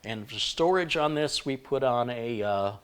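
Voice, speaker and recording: A man's voice: medium pitch, lively intonation, a little slow, clean tone. A man hosting a live computer-building stream, talking frankly and shifting between stern remarks and chatty thanks. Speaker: livestream host.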